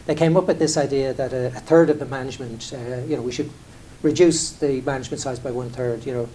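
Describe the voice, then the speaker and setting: Speaking fast in a steady, dark, mid-range voice, this middle-aged airline boss from Ireland shares candid stage anecdotes that poke fun at himself. He restarts often and keeps saying "you know", and there's a little hiss or hum.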